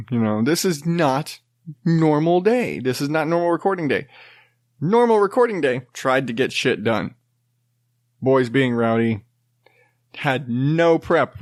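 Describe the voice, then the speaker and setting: A man's voice: medium pitch, no room sound, studio quality. A man in his thirties hosting a casual solo podcast, rambling and self-deprecating, laughing and swearing as he talks. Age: 30s. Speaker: podcast host.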